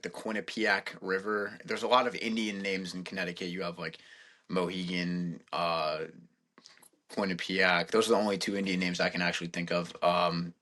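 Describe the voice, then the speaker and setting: A young man in his twenties, guesting on a podcast, chats casually and rambles with lots of filler words. His voice is low, pushed and bright.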